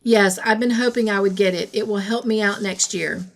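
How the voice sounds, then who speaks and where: A woman reading the lines of an earnest, lovestruck young man in a storybook, speaking quietly. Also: mid-range voice, fairly even intonation, normal speed, close to an everyday voice.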